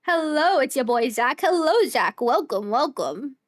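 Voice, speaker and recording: A young woman streamer giving casual live game commentary, excitable with loud exasperated outbursts. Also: sits high, a little slow.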